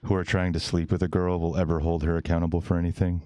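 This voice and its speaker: A man with a low, dark voice hosts a podcast, talking over clips in a blunt, crude, rambling way. The sound is dry and close, with no room around it. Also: flat delivery, fast talker, dry recording. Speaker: podcast host. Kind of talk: casual reaction commentary.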